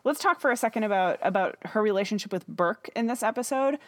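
A woman's voice: mid-range voice, expressive, fast, a bit bright, no room sound. A woman co-hosting a casual podcast chat about a TV show, talking in a chatty way with frequent laughs. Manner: chatty, laughs often, restarts a lot. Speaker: podcast co-host.

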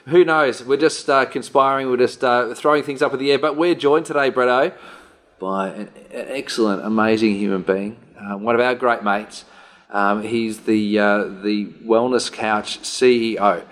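A man's voice: mid-range voice, fairly even intonation, normal speed. A man co-hosting a podcast, joking around and rambling with plenty of fillers. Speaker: podcast co-host. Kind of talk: casual podcast banter.

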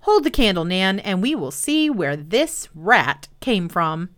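A woman's voice: medium pitch, very animated, unhurried, a bit bright. A woman doing a blunt, eager older boy.

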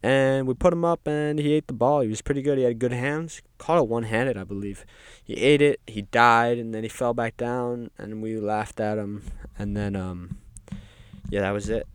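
A man delivering a rambling, deadpan comedic monologue as a resident of hell, full of ums and offhand asides. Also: mid-range voice, normal speed, clear, resonant tone, no echo. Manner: rambling, deadpan, filler-heavy with frequent ums. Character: resident of hell describing its games. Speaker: comedic podcast host.

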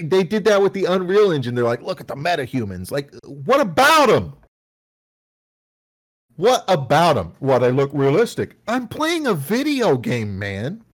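A man in casual, profane gaming chat who rants, laughs often and acts out quotes in silly voices. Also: a little high.

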